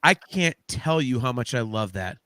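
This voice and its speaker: Gushing man with a bright voice. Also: mid-range voice, expressive, normal speed, no echo. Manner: effusive, gushing, stumbles over words. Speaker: podcast guest. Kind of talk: casual movie watch-along chat.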